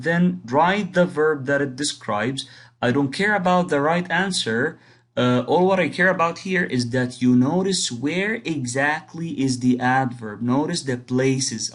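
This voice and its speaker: A man teaching an English grammar lesson, explaining patiently and rephrasing his points, reading example sentences aloud with marked stress. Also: medium pitch. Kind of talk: recorded online lesson.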